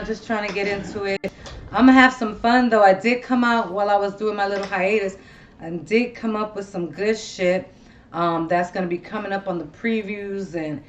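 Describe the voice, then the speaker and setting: A woman's voice: mid-range voice, a little hiss or hum. A woman hosting a casual talk show, chatting bluntly and animatedly with plenty of profanity. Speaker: host. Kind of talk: casual chat.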